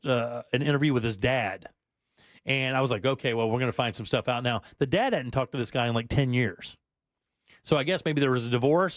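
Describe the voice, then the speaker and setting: A man's voice: mid-range voice, no room sound, clean studio sound. A man hosting a talk-radio show, chatting loosely with his co-hosts, laughing easily and reading listener texts aloud. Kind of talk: casual talk-radio banter.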